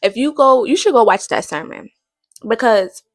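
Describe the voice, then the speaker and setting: A woman's voice: a little high, lively intonation, normal speed, no room sound. A woman hosting a casual faith podcast, rambling and thinking aloud with many fillers. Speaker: podcast host.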